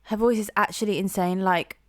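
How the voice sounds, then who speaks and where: A young woman talks casually into a close mic about a song she loves, gushing and rambling and often restarting her sentences. Her voice sits at an everyday pitch. The sound is dry, with no room echo. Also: fairly even intonation, fairly quick. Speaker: music reaction host. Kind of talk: casual reaction commentary.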